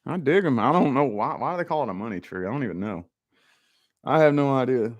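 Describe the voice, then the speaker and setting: Here a relaxed man streams live from his home office, talking fast and chatting with viewers in a loose, friendly, unscripted way. His intonation is lively and his pitch swings up and down, with plenty of "y'all" and "man" in his casual drawl, all captured with lo-fi sound.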